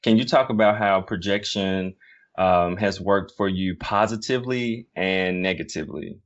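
Host with a very low voice, casual interviewer, hesitant and affirming, muffled lo-fi audio. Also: normal speed. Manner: relaxed, affirming, hesitant with fillers.

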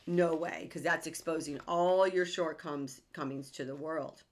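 A woman's voice: sits low, fairly even intonation, moderate pace. A woman hosting a self-help podcast, speaking earnestly and emphatically and often asking rhetorical questions. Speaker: podcast host.

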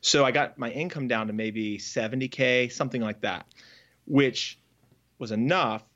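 A man speaks earnestly as an interview guest, recounting his past in a halting way, restarting his sentences as he goes. His voice sits at an ordinary pitch. The audio is slightly dull and lo-fi. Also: fairly bright tone. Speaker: guest, former farrier. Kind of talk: candid storytelling in an interview.

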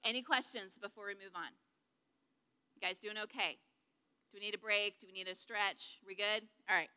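A woman's voice: mid-range voice, steady tone, normal speed, bright, forceful tone, clear, resonant tone, long reverb tail. A woman teaching a Bible study lesson to a group in a chatty, joking way, checking in with her listeners. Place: large room with a group.

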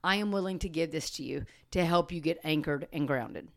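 A woman with a somewhat low voice talks through dog training on a podcast in a relaxed, unscripted way. She explains earnestly and steadily, at times slowing down and going soft to show how calm speech sounds. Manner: earnest, explanatory, slows and softens to demonstrate calm talk. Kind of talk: casual podcast chat.

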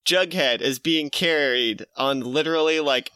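Casual male co-host, bright and forceful, quick voices for characters. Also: on the high side, smooth, no echo, clean studio sound. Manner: laughs often, puts on quick voices for characters. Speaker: podcast co-host retelling a comic. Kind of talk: casual comedic recap chat.

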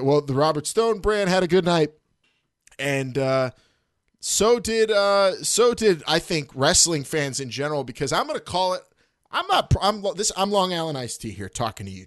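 Animated, profane man hosting a podcast. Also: dry recording, clean studio sound. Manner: animated, profane, jokey, jumps up in pitch when excited. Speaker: podcast host. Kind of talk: casual wrestling podcast chat.

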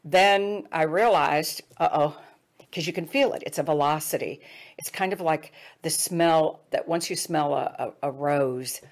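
Middle-aged woman, low gravelly voice, earnest storyteller. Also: unhurried. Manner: earnest, drops to hushed tones for quoted advice. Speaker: speaker. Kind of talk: personal storytelling talk.

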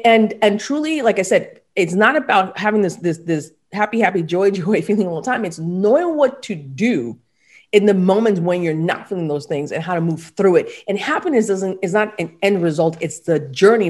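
A woman's voice: medium pitch, animated, moderate pace. A woman guest on a podcast, a motivational speaker who talks animatedly and acts out little back-and-forth dialogues. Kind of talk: podcast conversation.

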